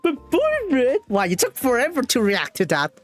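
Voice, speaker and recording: A woman streamer reading and translating a visual novel live in a playful, animated way. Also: mid-range voice, a little fast. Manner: playful, animated, laughs often.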